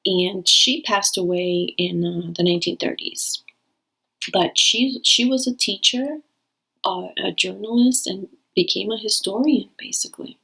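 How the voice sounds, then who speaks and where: A woman's voice: medium pitch, a little slow, vocal fry, pushed and bright, breathy edge, low-quality recording. A woman hosting her own reading channel, talking casually and rambling to her viewers with frequent restarts. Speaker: tarot reader and channel host. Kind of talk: casual talk to camera.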